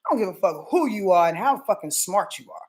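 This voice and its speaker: A woman's voice: mid-range voice, expressive, fast talker, darkish tone, voice pushed down, lightly acted. A woman voicing personified Scorpio energy as a blunt, territorial, confrontational figure who swears freely. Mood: defiant. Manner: profane, confrontational.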